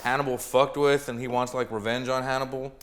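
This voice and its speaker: Easygoing male co-host, halting ums, lots of dude and man. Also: mid-range voice, level tone, a bit bright. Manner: laid-back, says dude and man a lot, halting with ums. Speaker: producer and co-host. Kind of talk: casual podcast chat.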